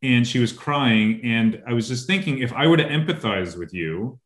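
A man's voice: mid-range voice, lively intonation, normal speed, fairly bright tone. A man hosting an interview, asking questions in a rambling, hesitant way. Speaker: host. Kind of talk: interview conversation. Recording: echoey room.

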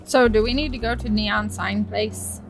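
A woman's voice: medium pitch, fairly even intonation, over music. A woman chatting playfully and teasing her partner while playing a co-op video game. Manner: playful, quick to tease. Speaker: co-op game player. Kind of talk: casual chat while playing.

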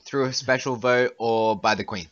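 A young man co-hosting a casual podcast, reading quiz questions aloud in a hesitant, halting way. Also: mid-range voice, fairly even intonation, a bit bright. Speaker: podcast co-host. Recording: dull, lo-fi home recording.

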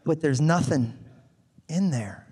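Comedian guy doing his set, acts out the quotes, yells punchlines, live room with long echo. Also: on the high side, lively intonation, takes it slowly. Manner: storytelling with acted-out quotes and sudden shouted punchlines. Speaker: stand-up comedian. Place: comedy club stage. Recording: live in a large reverberant venue.

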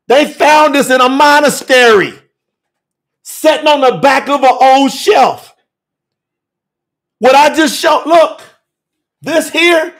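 A fiery male preacher with a very high, gravelly voice. He hammers his points with repetition, jumping from shouted declarations to hushed asides. His grammar leans on Southern US dialect. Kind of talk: fiery telethon sermon.

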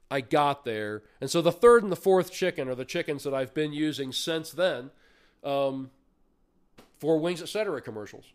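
A man's voice: a little high, smooth. A man telling stories as an interview guest, rambling with frequent restarts. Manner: rambling storyteller, lots of restarts. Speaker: interview guest, artist and puppet builder. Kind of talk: casual interview chat.

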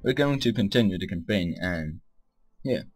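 A young man giving excitable, profane let's-play commentary as he plays a strategy game, often shouting at his units. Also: sits low, normal speed. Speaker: gaming channel host.

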